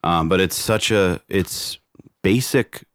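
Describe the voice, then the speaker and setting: A man's voice: sits low, slow pace, clear, resonant tone, no room sound. Upbeat man co-hosting a studio show. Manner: upbeat, energetic. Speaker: co-host. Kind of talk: casual morning show chat. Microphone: studio mic, dry sound.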